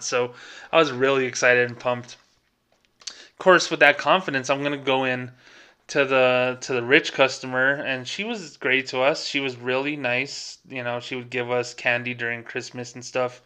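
Bright clear-voiced man telling a story. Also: mid-range voice, normal speed. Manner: animated retelling that acts out quoted dialogue. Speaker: podcast co-host, former bank employee. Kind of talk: casual storytelling.

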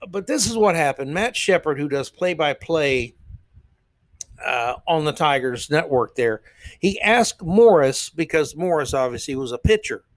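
Opinionated podcast host, dry close mic. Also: male voice, on the high side, lively intonation, no room sound. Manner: opinionated, rambling, many "uh" pauses. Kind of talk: casual opinion commentary.

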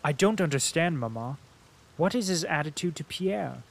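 A man reading an audiobook and voicing a calm, skeptical young aristocrat questioning his mother. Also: on the high side, moderate pace, gravelly. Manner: cool, questioning. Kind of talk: audiobook character voice.

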